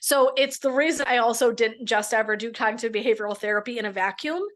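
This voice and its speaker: A woman's voice: a little high, quick pace. A middle-aged woman, a midlife coach and therapist, guiding listeners through a mindset exercise in a frank, casual way with the odd swear word. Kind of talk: coaching talk in a podcast.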